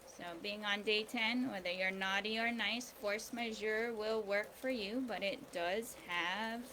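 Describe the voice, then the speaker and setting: A woman hosting a daily video series, talking casually and hesitantly about law and spirituality, with many pauses and ums. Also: medium pitch, fairly even intonation, sharp tone, rough recording. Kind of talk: casual spiritual and legal talk. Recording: outdoor ambience with rain noise. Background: rain, birds.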